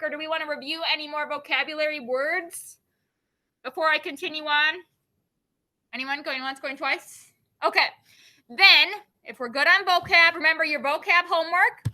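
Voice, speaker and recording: Bright high-voiced woman teacher. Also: fairly quick. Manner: explains with everyday examples, checks in with "okay?"; firm classroom directions. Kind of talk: classroom lesson.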